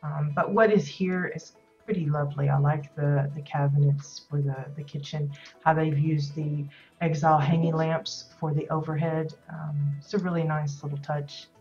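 A woman's voice: sits low, steady tone, moderate pace, darkish tone, dull audio, faint music behind. A woman hosting a casual video tour of player-built homes in a game, talking loosely with lots of ums and restarts. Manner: rambling, many ums and restarts. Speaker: host touring player houses in a game.

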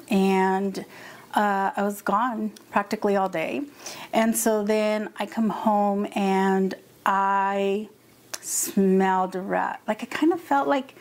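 A woman's voice: a little high, a little mellow. A woman hosting a home vlog, telling a story in a mock-upset, dramatic way and acting out the other people's lines, on a lapel mic. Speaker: vlog host. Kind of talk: casual chat to camera. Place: home kitchen.

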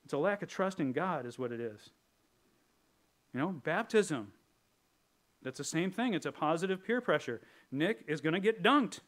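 A man preaching a sermon in a relaxed, conversational way, with a voice pitched a bit above the usual male range. He jokes with the congregation and sometimes drops into playful character voices. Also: moderate pace, pauses often. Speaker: pastor.

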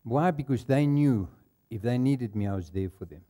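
The South African-accented male pastor has a medium-pitched, expressive, mellow voice and speaks at a normal pace. During his church sermon, he shares anecdotes and laughs along at them.

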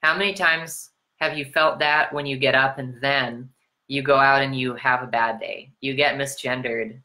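An American woman with a strikingly low voice delivers a motivational self-love sermon. Her tone is bright and forceful. She stacks rhetorical questions, swears casually, and swings her pitch widely. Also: fairly even intonation, moderate pace. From United States. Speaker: spiritual self-love coach.

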